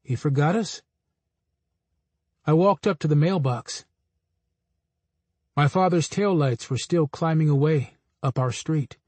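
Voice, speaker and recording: Man narrating a memoir, steady and measured. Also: fairly high pitch, dry recording.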